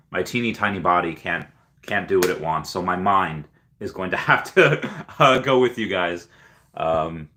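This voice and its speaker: A young man with a very low voice that still carries a bright, forceful edge hosts a casual livestream. He rambles loosely, thanks viewers, and reads their comments aloud, filling pauses with plenty of ums and uhs. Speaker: livestream host.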